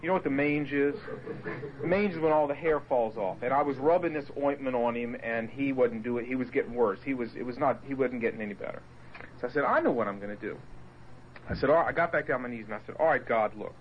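A man from the Portsmouth, Virginia area telling his conversion story to a group, storytelling with lively voiced quotes and asides. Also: medium pitch, quick pace, dull audio. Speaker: speaker giving his testimony. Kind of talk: animated personal testimony to a group.

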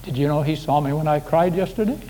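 A man's voice: on the high side, fast, warm tone. Folksy preacher man in an echoey hall. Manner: folksy, conversational preaching with anecdotes. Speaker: pastor. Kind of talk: sermon. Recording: echoey hall with faint background hiss.

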